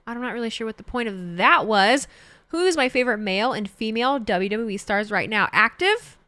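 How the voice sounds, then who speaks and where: A lively, joking woman streams live and chats with her viewers in a theatrical, playful way. Her voice is bright and a touch high, with a dry, close sound. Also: a little fast, no room sound. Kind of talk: casual live-stream chat, reacting and reading chat.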